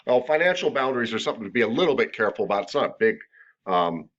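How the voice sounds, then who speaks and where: A man's voice: mid-range voice, very animated, racing, a bit bright. A man teaching a massage therapy class in a casual, joking, conversational lecture. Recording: dull lo-fi lecture recording.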